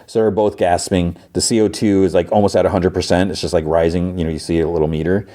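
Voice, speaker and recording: A man's voice: low-pitched, level tone, fast, dark tone. A man hosting a podcast, retelling a TV episode in a rambling, casual way with lots of fillers. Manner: rambling, filler-heavy retelling with acted-out quotes. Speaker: podcast host.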